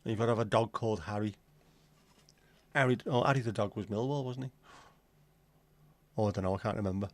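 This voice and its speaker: A man's voice: lowish voice, fast talker, long pauses. A man hosting a casual livestream chat, rambling and joking with frequent swearing. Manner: rambling, jokey and sweary, slips into silly voices. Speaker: livestream host.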